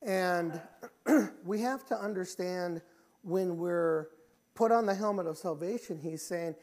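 A middle-aged man preaching a church sermon as pastor, earnest, often restarting phrases and clearing his throat. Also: high-pitched, a little slow, a little mellow.

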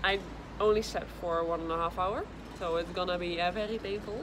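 A woman's voice: on the low side, fairly even intonation, fairly quick, background noise. A young woman vlogging about her racing in a casual, chatty, giggly way; English is not her first language. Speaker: vlogger and racer. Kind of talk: casual vlog chat. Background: loud music.

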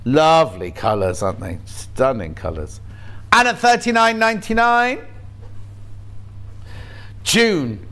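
A man from the UK hosting a shopping channel from a TV studio, talking in a loose, jokey way that wanders off into stories. His voice sits fairly high for a man. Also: big pitch swings, slow, long pauses, fairly bright tone. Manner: chatty, jokey, rambling. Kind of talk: casual chat.

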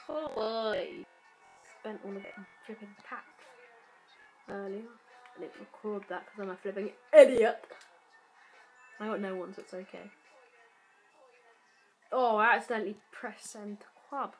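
A woman's voice: medium pitch, a little slow, pauses often, darkish tone, soft background music, rough recording. Chatty woman muttering over gameplay. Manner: chatty, self-deprecating, mutters to herself. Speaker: gaming YouTuber. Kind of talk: casual gameplay commentary.

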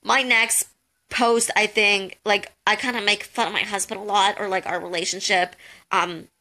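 A woman's voice: mid-range voice, fairly even intonation, normal speed, bright, forceful tone. A young woman giving casual advice on a live call, chatty and jokey, full of "um" and "like". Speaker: host of a social media tips call.

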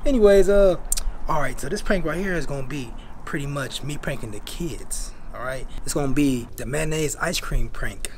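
A man's voice: a little high, moderate pace, noisy background. Upbeat, slangy man vlogging pranks. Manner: energetic, slangy, fills lines with "man" and "you feel me". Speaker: vlogger host. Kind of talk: casual prank vlog to camera. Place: indoors at home, then out at a store.

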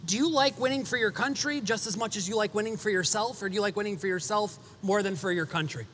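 Male co-host, high and bright tone, inquisitive, casual. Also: fast, slight background noise. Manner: curious, asks direct questions. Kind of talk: casual podcast chat.

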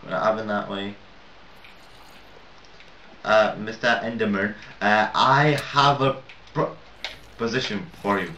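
A young man speaks slowly, with long pauses, in a fairly low, sharp voice of steady tone while rambling and swearing through casual gameplay commentary and laughing at his own mistakes. He is not a native English speaker. A distant, lo-fi, roomy home mic picks him up, with a little hiss or hum.

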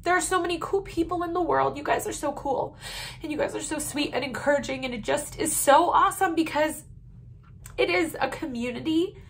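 A woman in her thirties chatting openly and warmly to camera as a vlogger about her small business. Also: high voice, brisk, a little hiss or hum. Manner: open and heartfelt, chatty. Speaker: vlogger running a small jewelry shop. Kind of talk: casual chat to camera.

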